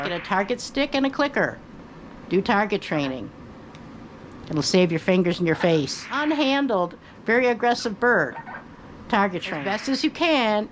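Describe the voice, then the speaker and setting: An older woman who hosts her own channel, giving relaxed, folksy advice about parrots at home and chatting to her bird now and then. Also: mid-range voice, a little hiss or hum, poor audio. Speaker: parrot owner and channel host. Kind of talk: casual advice talk. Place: indoors at home, by her bed.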